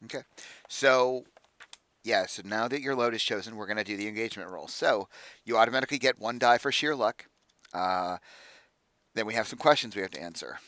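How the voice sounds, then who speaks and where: A man's voice: on the low side, fairly quick, sharp tone, no echo. A man running a tabletop game as game master, explaining the rules and weighing his calls aloud.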